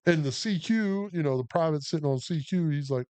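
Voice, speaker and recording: A man's voice: a little high, brisk, few pauses. A man and army veteran co-hosting a podcast, telling a profane war story with acted-out quotes. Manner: profane, animated, acts out quotes. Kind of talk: casual storytelling.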